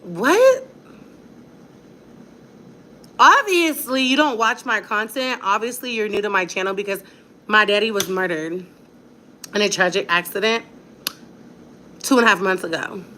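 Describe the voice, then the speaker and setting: A woman's voice: medium pitch, fairly even intonation, moderate pace, pauses often, pushed and bright, slight background noise. A woman who is a mother vlogging from home at night into a phone, ranting in an emphatic, repetitive and defiant way. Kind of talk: home vlog rant. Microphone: phone on a ring light setup.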